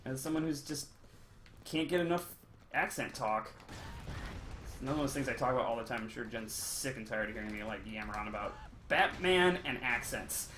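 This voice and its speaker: A man's voice: medium pitch, expressive, fairly quick, pushed and bright, a little hiss or hum. A young man chatting casually on a game stream, rambling with many ums and uhs. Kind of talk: casual chat while gaming, reading chat.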